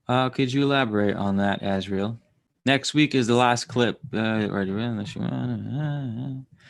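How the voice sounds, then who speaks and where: A man's voice: medium pitch, gravelly, a bit bright. A man hosting a casual livestream, reading out chat and telling stories in a loose, rambling way. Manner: rambling, chuckling, loose storytelling with fillers.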